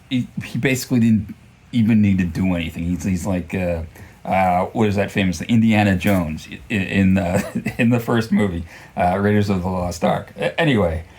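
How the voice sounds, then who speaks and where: A man's voice: on the low side, a little mellow. Rambling man reviewing a book. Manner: rambling, self-deprecating, many fillers and restarts.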